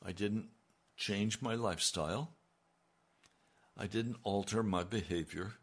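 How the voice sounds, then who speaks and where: An older man preaching a sermon, slow and emphatic, with a gravelly voice. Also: lowish voice. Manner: slow and emphatic, rising in intensity when quoting God.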